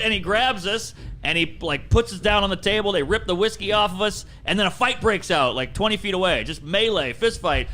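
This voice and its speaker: A man from Louisiana, a comedian telling a wild story as a podcast guest, animated and bursting into yelled exclamations. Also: high voice. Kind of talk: comic storytelling.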